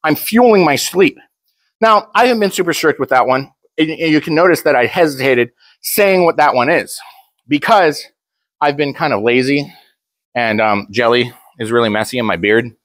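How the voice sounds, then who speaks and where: Speaking to the camera at a moderate pace, this young powerlifting vlogger jokes bluntly and rambles, often restarting. His mid-range voice is a bit bright, with no room sound.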